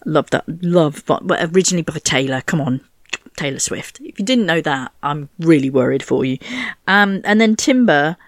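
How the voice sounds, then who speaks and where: A woman's voice: sits low, animated, moderate pace, no echo, clean studio sound. Chatty rambling woman radio DJ. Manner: chatty, rambling, self-mocking, with playful asides. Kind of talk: casual radio chat between songs.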